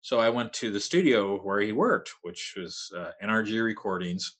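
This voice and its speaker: Laid-back man with a low voice. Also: animated, moderate pace, fairly bright tone. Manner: rambling, laid-back, with frequent "like" fillers. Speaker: podcast guest, metal vocalist. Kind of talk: casual storytelling chat.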